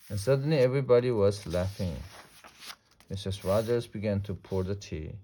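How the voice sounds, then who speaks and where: Male storyteller, low mellow voice, steady gentle read-aloud for kids. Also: moderate pace, slight background noise. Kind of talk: reading a picture book aloud.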